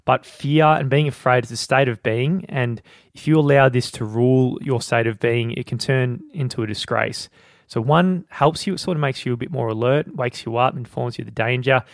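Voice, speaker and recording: A man co-hosting a podcast, talking through a book's ideas in a relaxed, conversational way. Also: mid-range voice, moderate pace, vocal fry, no echo, studio quality. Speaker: podcast co-host. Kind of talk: casual book discussion.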